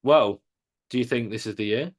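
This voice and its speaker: An English man co-hosting a sports podcast, talking in a measured, hesitant way. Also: mid-range voice. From England. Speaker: podcast co-host. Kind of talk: casual sports chat.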